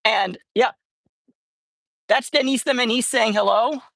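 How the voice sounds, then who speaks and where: Her voice is fairly high, a little slow, creaky, and fairly bright. She's outdoors at a spot where she feeds street cats, chatting casually on a livestream, rambling and frequently correcting herself.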